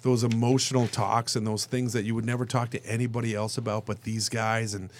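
A man, an actor guest on a radio show, telling stories in a casual, animated way and acting out the voices of the people in them. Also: mid-range voice, fairly quick. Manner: animated, acts out quoted voices, turns emotional. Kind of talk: casual storytelling in a radio interview.

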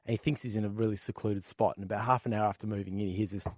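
A man's voice: on the low side, steady tone, very fast, a little mellow, no room sound, studio quality. An Australian man co-hosting a gaming podcast, a laid-back storyteller who chuckles between lines. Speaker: podcast co-host. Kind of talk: casual chat, joke telling.

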